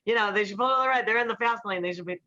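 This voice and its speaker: A woman's voice: medium pitch, rapid-fire, sharp tone, voice pushed up, lightly acted. A woman acting out an impatient man who grumbles dismissively about other drivers. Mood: irritated. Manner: dismissive, complaining. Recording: slightly dull, muffled recording.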